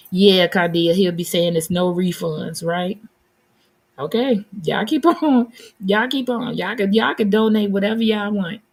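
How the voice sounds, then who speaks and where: A woman's voice: medium pitch, a little slow. A woman hosting a live stream, giving blunt, sassy commentary and answering her chat. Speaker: livestream host.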